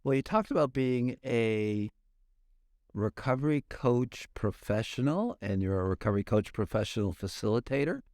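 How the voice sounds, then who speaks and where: A man hosting a podcast, quick with a joke, then steering the guest with questions. His voice sits at a middling pitch, dry and close to the mic. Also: expressive, darkish tone, dry recording. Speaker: podcast host. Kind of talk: casual podcast interview.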